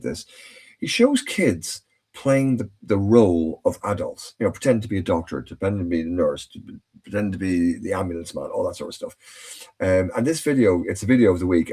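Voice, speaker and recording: A man's voice: low-pitched, darkish tone, husky. A man hosting a casual podcast chat, telling anecdotes in a chatty way with many restarts. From Ireland. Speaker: host.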